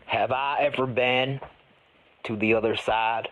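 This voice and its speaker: A man playing an eccentric, folksy ghost hunter who tells rambling stories with deadpan earnestness in an improvised comedy interview. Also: medium pitch, a little slow, lightly acted, rough recording. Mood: mournful.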